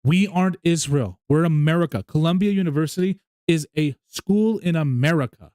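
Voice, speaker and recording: Halting man arguing on a podcast. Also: fairly high pitch, a little mellow, dry recording, studio quality. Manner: halting, repeats words, argumentative. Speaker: podcast co-host. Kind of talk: casual chat.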